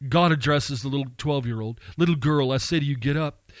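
On a radio sermon with no room sound, a man preaches briskly, posing rhetorical questions to his listeners. His impassioned delivery builds into fervent, high-pitched pleading surges.

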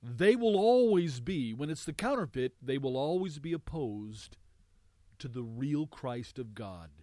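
A man preaching a sermon, emphatic, repeating words for weight, swelling loud and then dropping low. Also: lively intonation, unhurried, no echo.

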